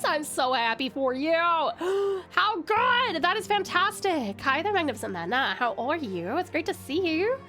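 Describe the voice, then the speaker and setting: A woman's voice: high voice, very animated, moderate pace, hardly any pauses, a bit bright. An Australian woman streaming casually, bubbly and chatty, greeting viewers with sweet nicknames. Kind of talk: casual live-stream chat. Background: faint game music.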